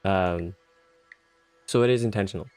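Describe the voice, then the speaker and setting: A man's voice: deep voice, normal speed, a little mellow, clean tone, faint music behind. A young man streaming a video game live, talking in a goofy, rambling way that keeps interrupting itself.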